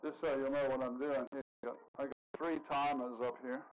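A man's voice: medium pitch, steady tone, fairly quick, slight background noise, low-quality recording. A man preaching a sermon in a conversational way, joking with the congregation.

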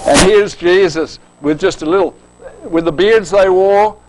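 A man's voice: high voice, measured pace, darkish tone, low-quality recording. An older man preaching a sermon in a folksy, joking way, often checking in with his listeners.

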